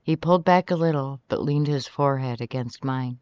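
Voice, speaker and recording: An audiobook narrator reading a romance novel in the first person, animated and shifting pitch often from line to line. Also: a little fast, clear, resonant tone, dry recording. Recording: slightly dull, dry recording.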